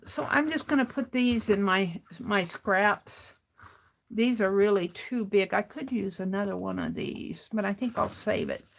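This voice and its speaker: A woman's voice: mid-range voice, a little slow, creaky. A woman hosting a craft livestream, chatting casually and rambling to herself as she works. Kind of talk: casual chat while crafting.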